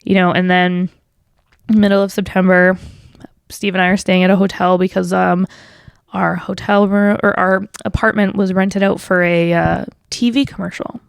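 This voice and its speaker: Her gravelly, slightly mellow, smooth voice carries a solo podcast where this twenty-something host shares a personal story, swearing freely and using lots of fillers. Quoting others, she shifts into a livelier, higher voice. The recording is dry, with clean studio sound.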